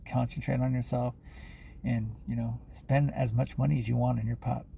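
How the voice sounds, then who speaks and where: A man's voice: medium pitch, steady tone, fairly quick, vocal fry, dark tone, a little hiss or hum. A man talking to camera in a rambling personal monologue, full of fillers and restarts, swearing often.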